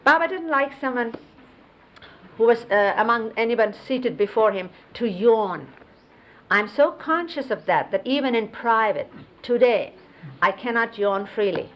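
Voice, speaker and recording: A woman recalling memories in an unhurried storytelling way, explaining and demonstrating hand gestures as she goes. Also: a little high, animated, poor audio. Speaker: close companion recounting memories of a spiritual teacher. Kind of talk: reminiscing storytelling. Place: 1970s videotaped sit-down interview.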